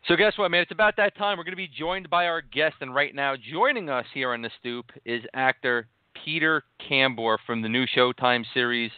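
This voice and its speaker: A man's voice: mid-range voice, moderate pace, few pauses, clear, resonant tone, dry recording, narrow, tinny audio. A man hosting a radio interview show, upbeat and casual, often calling his guest "man". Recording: dry, band-limited radio sound.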